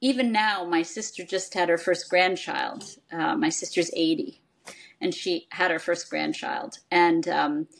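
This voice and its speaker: A woman's voice: on the low side, fairly even intonation, unhurried, creaky. An older woman, a psychoanalyst, explaining things in conversation and acting out quoted parents. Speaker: psychoanalyst guest. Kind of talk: expert conversation.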